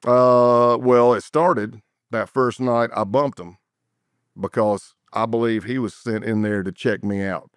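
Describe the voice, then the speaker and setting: A man's voice: mid-range voice, unhurried, clean tone, no echo, studio quality. A middle-aged man, a former undercover agent telling stories as a guest and animatedly acting out the people he quotes. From South Carolina, United States. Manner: animated storyteller who acts out quoted voices. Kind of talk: casual storytelling interview.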